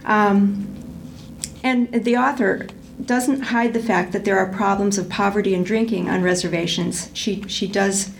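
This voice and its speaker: A woman's voice: mid-range voice, steady tone, unhurried, gravelly, slight background noise, poor audio. A woman reading from a novel aloud and then talking it over thoughtfully, with frequent ums and restarts. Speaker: book discussion presenter.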